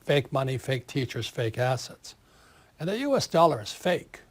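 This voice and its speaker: With a medium-pitched voice at normal speed, a seventy-something writer answers interview questions forcefully and with animation, often saying words twice to stress them.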